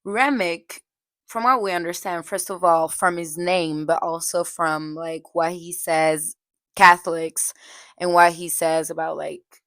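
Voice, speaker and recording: A woman's voice: on the low side, steady tone, unhurried, fairly bright tone, dry recording. A young woman giving a casual, chatty film review, full of "like" fillers. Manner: chatty, heavy use of "like" fillers, occasional laughs. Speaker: movie reviewer.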